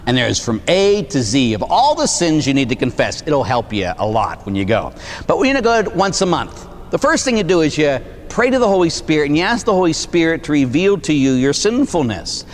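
Speaking a little fast in a higher-than-average voice, a Catholic priest animates his sermon with stories and acted-out dialogue, often adding "huh?". There's faint background noise and a long hall reverb.

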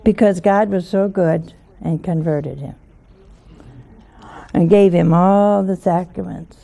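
A woman's voice: on the low side, slow pace, vocal fry, dark tone. A woman giving an informal sermon, folksy and full of anecdotes, often checking in with her listeners with questions. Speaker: preacher.

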